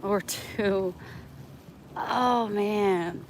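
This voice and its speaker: A woman's voice: medium pitch, very slow, a little hiss or hum, poor audio. A woman vlogging live in casual chat, chatty and plainspoken, talking into a phone outdoors near her home. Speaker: vlogger livestreaming.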